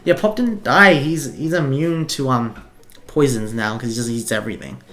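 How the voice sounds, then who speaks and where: A man's voice: mid-range voice, expressive, moderate pace, fairly bright tone. A young man doing goofy, chatty let's-play commentary, laughing easily. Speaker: streamer.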